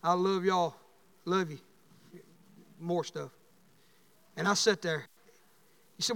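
Fervent preacher man, high voice. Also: slow pace, vocal fry, pauses often, big-room sound. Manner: folksy storytelling, rising to fervent shouts. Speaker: pastor. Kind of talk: sermon.

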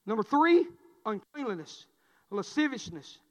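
A man preaching a passionate sermon as pastor, swinging between shouts and low, intense passages. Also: sing-song, measured pace. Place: church sanctuary. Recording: long hall reverb.

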